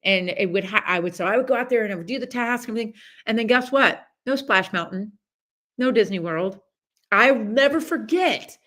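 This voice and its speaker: A middle-aged woman hosting a podcast, talking in a chatty, animated way with many asides and restarts as she gives a casual motivational talk. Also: a little high, brisk. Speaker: podcast host.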